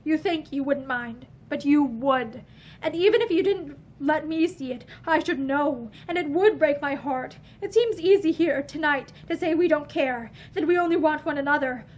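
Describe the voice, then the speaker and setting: A woman reading the part of an anguished man torn by forbidden love, speaking in a hoarse, pleading way in her own high voice. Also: moderate pace, close to an everyday voice.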